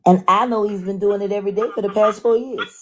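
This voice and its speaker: Woman caller, insistent and deliberate, faint line noise. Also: medium pitch, fairly even intonation. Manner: insistent, slow and deliberate, asks pointed questions. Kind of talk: phone call recording.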